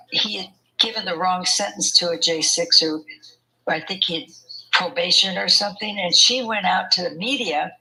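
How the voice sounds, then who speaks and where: An older woman recounts her experiences to an interviewer in a chatty, storytelling way, often breaking into laughter. Her voice sits low but has a bright, forward tone. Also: vocal fry, poor audio. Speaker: interview guest. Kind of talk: conversational storytelling.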